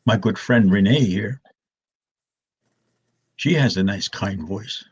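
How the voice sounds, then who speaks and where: An older man tells stories in a soft, slow voice that sits low and a little husky. He restarts and repeats himself often, speaking with the calm patience of an elder. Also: lo-fi sound. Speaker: elder storyteller. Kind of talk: gentle storytelling talk.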